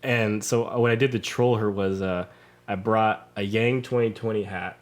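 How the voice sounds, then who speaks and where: A man's voice: on the low side, steady tone, normal speed. A young man telling a long, rambling story as a podcast guest, scattering "like" through nearly every sentence. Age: young adult. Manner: rambling, heavy on "like" fillers. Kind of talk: casual storytelling.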